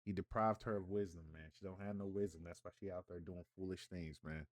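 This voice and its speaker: A man's voice: low-pitched, fairly even intonation, fairly quick, dry recording. Man giving mocking reaction commentary. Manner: mocking and incredulous, laughing, preachy rebukes. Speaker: commentator and host.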